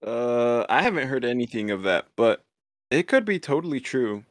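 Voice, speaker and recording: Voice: mid-range voice, big pitch swings, normal speed, no room sound. A co-host chatting casually on a podcast, easygoing and playful, laughing often. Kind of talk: casual chat.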